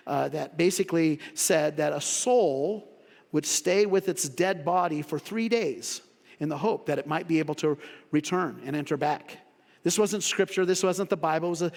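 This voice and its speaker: A man preaching a sermon as pastor in a church, conversational, acting out quotes in sudden high voices. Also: vocal fry. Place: church sanctuary. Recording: long reverb of a church hall.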